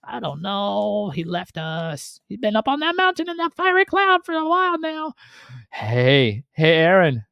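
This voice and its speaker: A man doing a squeaky, giddy ancient crowd. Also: huge pitch swings, a little slow, vocal fry, clean tone, no room sound, lo-fi sound, exaggerated voice. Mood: giddy scheming. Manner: squeaky, mocking, goofy put-on voice. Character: fickle, excitable crowd of ancient idol-makers. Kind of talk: comic retelling in a Bible teaching.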